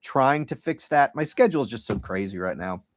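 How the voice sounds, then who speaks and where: A man's voice: medium pitch, animated, fairly quick, a little hiss or hum. A middle-aged man hosting a podcast livestream, talking casually in a rambling, sardonic and profane way. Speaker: podcast host.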